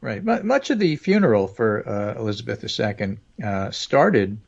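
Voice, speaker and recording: A man co-hosts a talk podcast in a lowish voice, dry and meandering, with frequent pauses to fill with sounds. His audio is dull and lo-fi. He speaks casually and in an offhand way. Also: big pitch swings, gravelly, darkish tone. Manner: dry, wandering, many "uh" fillers. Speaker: podcast co-host. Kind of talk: casual talk show chat.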